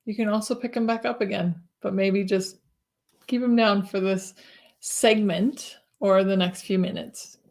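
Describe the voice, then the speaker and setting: Female host, gentle, inviting, emotional; video-call interview. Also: medium pitch, fairly even intonation, a little slow. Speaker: podcast host. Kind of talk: warm-hearted interview chat.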